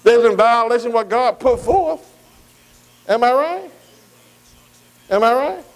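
A man preaches a sermon in a high-pitched voice. His talk is colloquial and folksy. He keeps checking that the congregation agrees with him. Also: animated, unhurried, low-quality recording. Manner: call-and-response, repeatedly asking the congregation for agreement; folksy, colloquial Southern US grammar.

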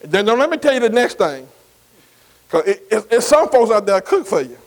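High-voiced man preaching with call-and-response. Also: sing-song, moderate pace, poor audio. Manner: folksy, conversational preaching. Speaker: pastor. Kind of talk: sermon.

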